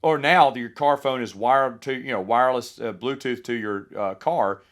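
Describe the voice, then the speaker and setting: A man in his forties hosting a podcast, telling rambling nostalgic stories in a casual monologue with lively asides. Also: mid-range voice, moderate pace. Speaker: podcast host.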